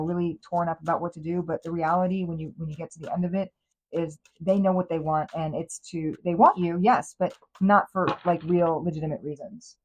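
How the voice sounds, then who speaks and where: A woman's voice: lowish voice, darkish tone, poor audio. A woman hosting a tarot reading, talking in a chatty, emphatic way with many fillers and restarts. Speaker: tarot reader and host.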